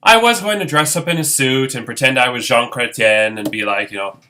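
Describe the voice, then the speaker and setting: A man's voice: mid-range voice, brisk, hardly any pauses, sharp tone. A man hosting a homemade game show in a goofy, irreverent way with playful asides. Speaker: host.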